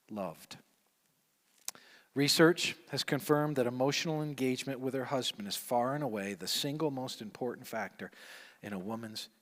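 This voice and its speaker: A man teaching a men's session in sermon style, emphatic and repetitive, swinging from hushed asides to loud declarations. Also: mid-range voice. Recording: long hall reverb.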